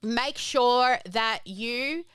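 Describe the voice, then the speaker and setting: A chatty, excitable woman hosts a live online business workshop. Her voice is bright and crisp, and it sounds dry and close. She talks with lots of bounce and is quick to laugh. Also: a little high, no echo. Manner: bubbly, excitable, chatty, prone to squeals and laughter. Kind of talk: energetic live webinar presenting.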